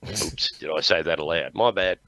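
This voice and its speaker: Australian man, gravelly bright voice, rambling jokey host, dry close sound. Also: low-pitched, moderate pace, no echo. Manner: rambling, jokey, laughs often. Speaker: livestream host. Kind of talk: casual chat.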